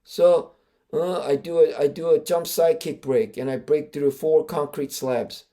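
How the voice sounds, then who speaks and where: Man, high pitch, podcast host, martial arts master, casual storytelling, emphatic, lots of fillers. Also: a little slow. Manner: animated, emphatic, with many fillers and restarts.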